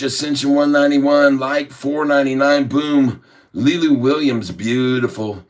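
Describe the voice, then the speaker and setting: Slow, drawling jokey man. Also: medium pitch, fairly even intonation. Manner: drawling and jokey, chuckling between remarks; slow, drawn-out delivery when explaining trades. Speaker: stock trading livestream host. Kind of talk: casual livestream chat, reading viewer comments.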